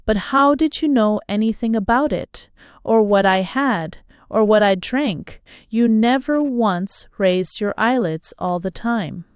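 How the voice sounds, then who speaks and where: A bashful young Englishman, read by a woman, who trips over his words and keeps them earnest. The delivery is slow and smooth. The sound is close and dry. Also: medium pitch, no echo, lightly acted. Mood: flustered. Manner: flustered, stammering.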